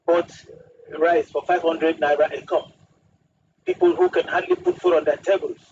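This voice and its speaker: A man, a guest on a radio talk show, speaking emphatically and using proverbs. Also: on the high side. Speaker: studio guest. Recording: distant muffled radio studio with hiss.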